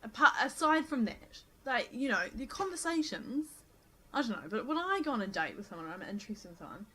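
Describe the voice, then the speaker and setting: A woman's voice: fairly high pitch, big pitch swings, brisk, sharp tone, breathy edge. A woman, co-hosting a podcast in a chatty, ranting casual talk. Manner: chatty, laughing, rants. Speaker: podcast co-host. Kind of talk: casual chat.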